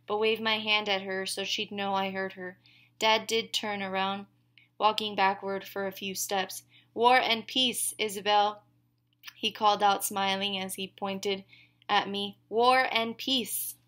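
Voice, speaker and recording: Flat-voiced woman reading a novel aloud. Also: mid-range voice, moderate pace. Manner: reads dialogue with small shifts for each character, no big voices. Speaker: audiobook reader. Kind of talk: scripted first-person narration.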